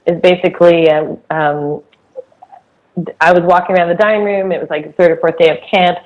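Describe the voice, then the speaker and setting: A woman's voice: fairly low pitch, steady tone, fairly quick, lo-fi sound. A woman co-hosting a podcast, telling camp stories in casual chat and laughing as she talks. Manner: giggly storyteller who laughs mid-sentence. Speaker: podcast co-host, camp director.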